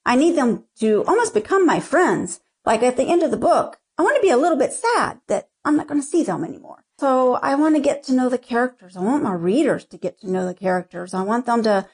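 A woman's voice: a little high, animated, brisk, few pauses. A woman author talking frankly about her writing in an interview, rambling with many restarts. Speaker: erotica author, guest. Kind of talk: casual interview talk.

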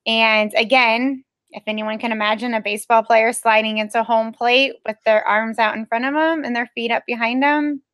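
Emphatic woman athlete, bright higher voice. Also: fairly even intonation, moderate pace, dry recording. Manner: earnest, emphatic and determined. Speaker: Olympic speed skater, guest. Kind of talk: personal storytelling in a podcast interview.

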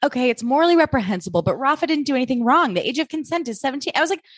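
A woman's voice: high voice, expressive, very fast, no room sound, studio quality. A young woman co-hosting a podcast, recapping a TV episode in casual, opinionated chat and swearing freely. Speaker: podcast co-host.

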